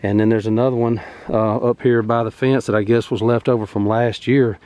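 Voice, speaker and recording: Easygoing farmer, mellow voice. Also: male voice, medium pitch, little pitch movement, a little fast, smooth. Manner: rambling, easygoing, many fillers. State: out of breath. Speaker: farm vlogger. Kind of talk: casual garden walkthrough. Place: outdoor vegetable garden.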